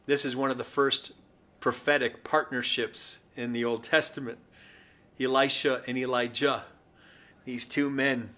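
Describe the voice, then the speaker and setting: A man's voice: medium pitch, fairly bright tone. A male preacher delivering a sermon, retelling the story with wry asides.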